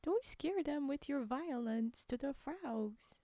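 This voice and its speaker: Soft-spoken and giggly, a woman streamer banters with viewers during ASMR, often lowering to a whisper. She has a high voice with lively intonation and a slow pace, captured in clean studio sound with no room noise.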